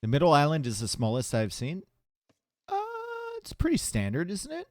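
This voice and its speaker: A man casting a live strategy game tournament, chatty and relaxed, chatting with viewers between plays from a home stream setup. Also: a little high, normal speed, dry recording, clean studio sound. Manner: casual, chatty, talks to chat between plays. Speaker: tournament caster. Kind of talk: live esports commentary.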